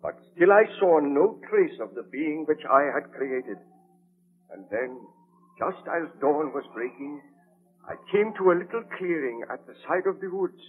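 An actor playing Baron Frankenstein, a guilt-ridden young scientist, in a 1930s radio drama, speaking earnestly and theatrically. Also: male voice, fairly high pitch, lively intonation, measured pace. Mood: recounting. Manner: earnest, theatrical, narrating his tale. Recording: tinny, hissy 1932 radio broadcast.

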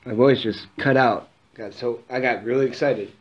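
A man giving casual, excitable commentary while playing a game, swearing often and talking back to the enemies. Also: mid-range voice, normal speed, very noisy. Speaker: gameplay commentator. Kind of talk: casual let's play commentary. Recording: dull lo-fi mic with faint game music.

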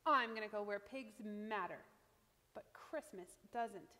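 A woman's voice: medium pitch, unhurried, pushed and bright, big-room sound. A woman voicing a stubborn little female farm pig who speaks up with defiance, in a storybook reading. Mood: defiant. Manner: defiant, pleading.

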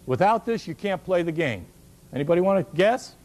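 A man's voice: sits high, animated, brisk, a little mellow. A man in his sixties coaching basketball shooting at a clinic, a folksy storyteller who jokes and repeats his key words. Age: 60s.

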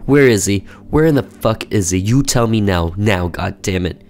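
A man voicing a jealous, unhinged husband in a horror game, low and menacing. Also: animated, normal speed, soft background music. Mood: accusing.

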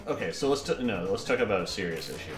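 A man's voice: fairly low pitch, lively intonation, fast talker, echoey room, over music. A man chatting casually while playing a video game, rambling and joking and easily sidetracked. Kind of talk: casual let's-play banter.

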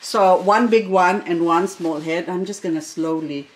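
A middle-aged woman chatting casually as she unboxes plants, gushing and excitable, talking to each plant as she goes. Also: lowish voice, moderate pace. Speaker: succulent vlogger.

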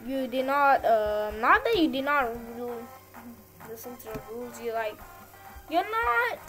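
A woman's voice: on the high side, sing-song, unhurried, over music. A woman hosting a gaming channel, giving casual gameplay commentary in a rambling, repetitive way as she lectures viewers.

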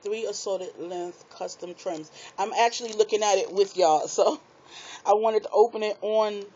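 A woman chatting excitedly to her viewers while unboxing craft supplies in a small apartment, laughing at herself as she goes. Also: medium pitch, normal speed, slight background noise. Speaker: craft vlogger. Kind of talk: casual unboxing chat to viewers. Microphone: tablet microphone. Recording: dull lo-fi tablet audio.

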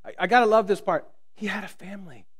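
A man preaching a sermon as pastor, swinging from loud, booming lines to quiet hushed ones and joking with the congregation. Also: animated, fast, husky. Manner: jokes with the congregation. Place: church.

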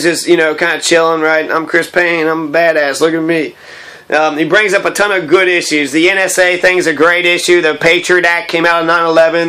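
Bright, rambling man talking politics. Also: on the high side, clear, resonant tone. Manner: rambling and blunt, with crude language; opinionated. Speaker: political commentator. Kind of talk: casual commentary over pictures.

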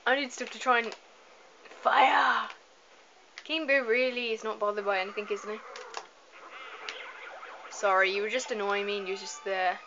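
Chatty bright-voiced woman gaming. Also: medium pitch, steady tone, a little fast, long pauses. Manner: chatty, rambling, apologetic asides. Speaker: gameplay commentator. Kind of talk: casual let's-play commentary. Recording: slightly dull lo-fi home mic with faint hiss.

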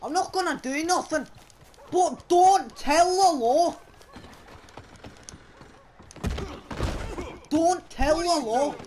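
A young man with a put-on Scottish accent, voicing a brash, foul-mouthed outlaw in a game role-play, rough and swaggering. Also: extremely high pitch, expressive, a little slow, fairly bright tone, slight background noise, heavily acted. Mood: pleading. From England. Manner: rough, swaggering, swears a lot.

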